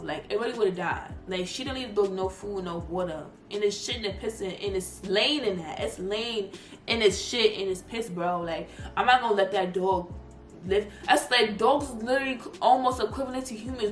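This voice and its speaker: A young woman vlogger telling a heated story, switching to squealed impressions of other people as she tells it. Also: medium pitch. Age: young adult. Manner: animated, heated retelling with squealed imitations of others. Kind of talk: storytime vlog. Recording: echoey room, music underneath.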